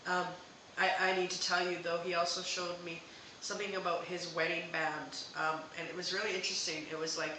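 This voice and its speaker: A woman's voice: lowish voice, little pitch movement, brisk, few pauses, sharp tone, very echoey, a little hiss or hum, rough recording. A woman hosting a live psychic reading, talking hesitantly with many fillers and restarts. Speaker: psychic medium host.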